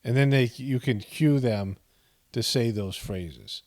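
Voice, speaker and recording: A man's voice: medium pitch, slow, a little mellow. A man hosting a casual video commentary, rambling with frequent chuckles and fillers. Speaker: commentary channel host.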